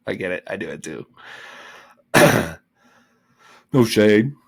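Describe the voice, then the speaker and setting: After a read-aloud chapter, the host of a reading channel talks casually in a rambling, joking, self-deprecating way. He speaks slowly in a low, husky voice with vocal fry and a fairly bright tone.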